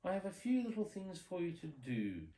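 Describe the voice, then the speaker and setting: A man's voice: high-pitched, huge pitch swings, normal speed, warm tone, pitched above the performer's own voice. Brief: dad reading a scheming storybook stepmother, cool and clipped, echoey room. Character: cold, scheming stepmother woman.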